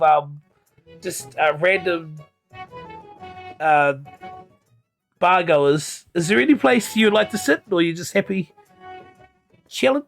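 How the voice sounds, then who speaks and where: A man's voice: high-pitched, gravelly. A man narrating a tabletop game as game master, playful and laughing often. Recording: dull lo-fi sound with faint music behind.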